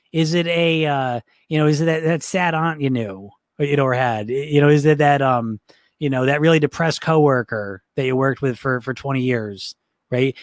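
A man's voice: on the high side, no room sound, studio quality. A man giving a casual coaching lecture, upbeat, checking in with "right?" often. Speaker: weight-loss coach.

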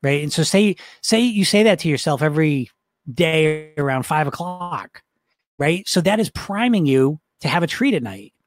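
A man's voice: fairly high pitch, expressive, normal speed, no echo. Upbeat man coaching in dry close sound. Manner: upbeat, rambling, frequent restarts and laughs. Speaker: weight-loss coach. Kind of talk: live online coaching session, reading chat comments.

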